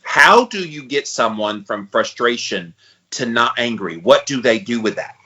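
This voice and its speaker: Bright-toned man in his forties, lo-fi. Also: mid-range voice, animated, a little slow. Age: 40s. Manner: thinks out loud, hesitant restarts. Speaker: podcast co-host. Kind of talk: casual podcast chat.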